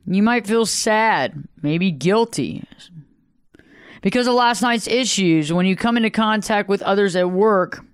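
Smooth-voiced motivational speaker, dry close sound. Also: mid-range voice, unhurried, dry recording. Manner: conversational, asks listeners questions; acts out greetings in varied voices. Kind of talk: motivational talk to listeners.

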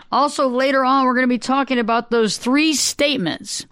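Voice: high voice, quick pace, hardly any pauses, a bit bright, clear, resonant tone, dry recording. A radio talk show host speaking earnestly into a studio microphone, telling stories and repeating phrases for emphasis. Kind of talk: solo talk radio monologue.

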